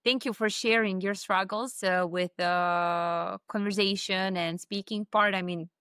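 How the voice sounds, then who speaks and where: A woman's voice: fairly low pitch, a bit bright, dry recording, clean studio sound. A woman hosting an interview, encouraging and chatty, with many fillers. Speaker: interview host. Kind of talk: casual interview talk.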